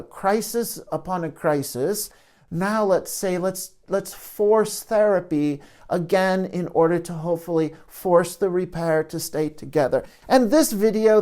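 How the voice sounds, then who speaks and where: A man's voice: fairly high pitch, a little mellow. A man speaking as a therapist in an educational talk to camera, reflective and searching for his words as he goes.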